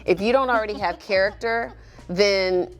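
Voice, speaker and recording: A middle-aged woman on a talk show, speaking firmly and deliberately in casual chat. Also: mid-range voice. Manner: firm, emphatic, deliberate.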